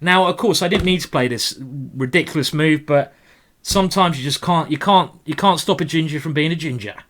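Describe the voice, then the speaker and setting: A man talks his way through fast chess games on a live stream. His voice sits fairly high, and he stays excitable and playful, teasing his opponent and calling out moves as he goes. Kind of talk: live commentary while playing blitz chess.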